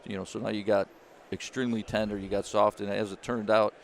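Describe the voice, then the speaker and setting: A man, a former caddie turned business founder, telling a lively story in an interview and acting out the people he quotes. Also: lowish voice, a little fast, vocal fry, slight background noise. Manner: animated storyteller, acts out quoted voices.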